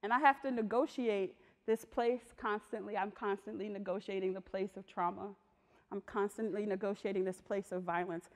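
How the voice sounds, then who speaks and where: A woman's voice: mid-range voice, normal speed. Woman telling stories at a talk, casual slangy delivery, big echoey hall. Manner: lively, slangy storytelling that acts out voices. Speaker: visual and performance artist giving a talk. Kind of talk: personal storytelling talk. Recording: long reverb of a large hall.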